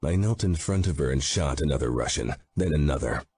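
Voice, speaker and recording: A man's voice: very deep voice, lively intonation, brisk, a little mellow, husky. A man reading a romance audiobook aloud, narrating in first person with a grim, brooding delivery. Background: faint background music.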